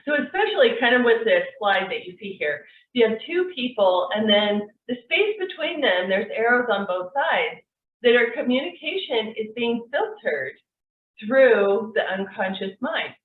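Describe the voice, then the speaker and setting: A woman teaching an online course, explaining things in a relaxed, conversational way with frequent fillers. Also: a little high, moderate pace. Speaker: NLP course instructor. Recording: tinny, echoey, distant mic.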